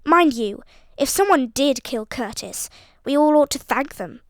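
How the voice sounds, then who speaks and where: A woman's voice: high voice, animated, a little slow, no echo, clean studio sound. A woman voicing a brash, mocking young toff. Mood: blustering. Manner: loud, blustering and mocking. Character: brash scornful young upper-class man.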